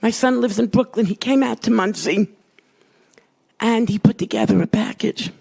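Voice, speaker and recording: A woman giving an emotional personal testimony, swinging from loud cries to hushed whispers. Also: a little high, normal speed, vocal fry, husky. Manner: dramatic, rises to cries and drops to whispers. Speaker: storyteller recounting a hospital ordeal.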